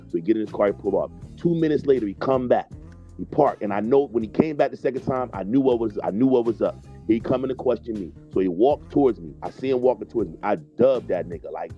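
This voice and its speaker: A man telling a heated, profane story on a debate stream, acting out the dialogue. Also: lowish voice. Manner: profane, animated, acts out dialogue. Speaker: debate show panelist. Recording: dull lo-fi audio with faint music.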